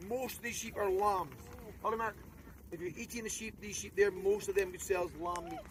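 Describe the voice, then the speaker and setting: A man's voice: sits high, fairly even intonation, fairly quick, far from the mic, background noise. A Scottish man working as a shepherd, explaining his sheepdog work in plain, simple words between short repeated commands to the dogs. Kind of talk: outdoor sheepdog demonstration. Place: open farm field outdoors.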